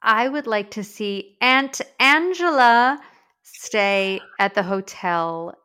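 A woman's voice: mid-range voice, expressive, slow, pushed and bright, smooth. A woman co-hosting a podcast in casual chat, thoughtful and rambling, with many fillers. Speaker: podcast co-host.

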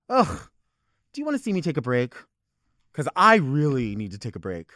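A man hosting a podcast, ranting comedically in an animated, profane way about everyday annoyances. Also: medium pitch, normal speed, pauses often, dry recording. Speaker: podcast host. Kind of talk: comedic rant.

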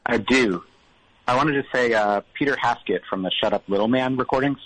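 A man calling in to a radio show, a filmmaker chatting casually and quickly with lots of fillers. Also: medium pitch, dry recording, rough recording. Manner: fast, relaxed, many fillers. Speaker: caller, filmmaker. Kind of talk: casual phone chat.

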